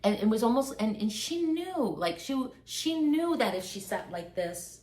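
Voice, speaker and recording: A woman's voice: fairly high pitch, big pitch swings, normal speed, a little mellow. Casting note: woman, guest on a casual talk stream, loose storyteller who circles back and restarts often. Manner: rambling storyteller, many likes and restarts. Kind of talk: casual chat.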